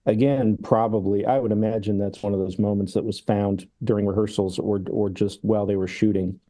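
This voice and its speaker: A man co-hosting a film podcast talks in a lowish, steady, dark voice and keeps things brisk. He wanders through the conversation, laughing often and acting out sketches from memory.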